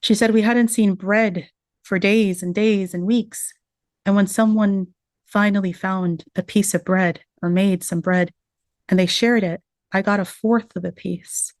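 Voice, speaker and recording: A woman's voice: medium pitch, fairly even intonation, measured pace, darkish tone, no echo. A woman telling an audience a survivor's story in an earnest way, slipping in Arabic religious phrases. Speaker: speaker retelling a survivor's story.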